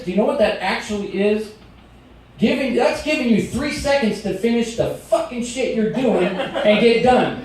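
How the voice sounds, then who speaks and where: A middle-aged man doing a stand-up comedy set in a restaurant, telling stories in an animated way and acting out shouted quotes. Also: high voice. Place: restaurant performance space. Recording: very echoey room recorded from a distance.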